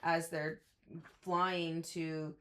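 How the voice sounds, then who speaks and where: A woman co-hosting a book podcast, chatting casually with many fillers and lively quotes of characters. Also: deep voice, drawn-out words. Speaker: podcast co-host.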